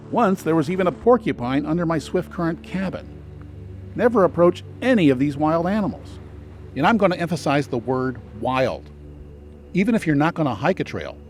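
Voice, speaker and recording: A man's voice: on the high side, a little mellow. A man narrating a scripted travel guide in an earnest, advisory voice-over. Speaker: travel video host.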